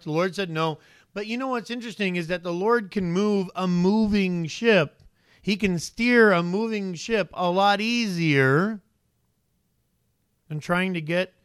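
A man in a slightly high register delivers a sermon as a pastor, talking to the congregation conversationally and pressing them with rhetorical questions. The sound is dry and close, with little room around it. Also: a bit bright, smooth, dry recording.

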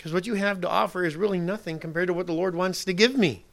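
A man preaching a sermon as pastor, emphatic, moving from soft asides to loud declarations. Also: high voice, quick pace, gravelly, few pauses.

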